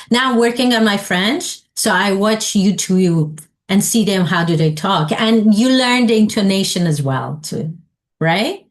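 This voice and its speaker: A woman leading a teacher training session, asking the group questions and modeling example sentences aloud. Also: mid-range voice.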